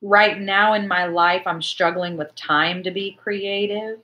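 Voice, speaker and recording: A woman in her forties hosts a casual church livestream chat, reading viewer comments and chatting in an animated way. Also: mid-range voice, measured pace, dull audio.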